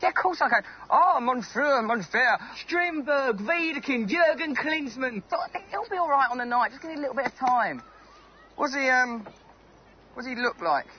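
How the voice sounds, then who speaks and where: A brash, cocky young hustler, who swings his voice high and wildly as he shows off a mock-posh act. The sound is a dull film soundtrack heard from a distance, with a faint hiss beneath it. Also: expressive, normal speed. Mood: showing off. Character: cocky young male wheeler-dealer, putting on posh airs.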